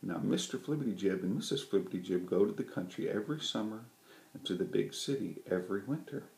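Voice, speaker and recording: A man reading a children's story aloud with a gentle, lively delivery. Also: fairly low pitch, fast talker, gravelly. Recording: roomy echo.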